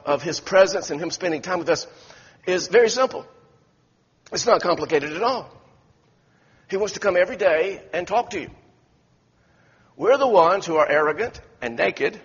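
A high-pitched pastor with a breathy edge preaches in a church sanctuary, telling folksy stories and restarting again and again. The recording is dull and lo-fi, echoing through the church hall.

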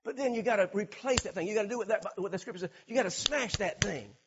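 High-voiced animated preaching man. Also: fast talker, highs cut off, noisy background. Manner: animated preaching, acts out scenes, repeats words. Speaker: pastor. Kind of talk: sermon.

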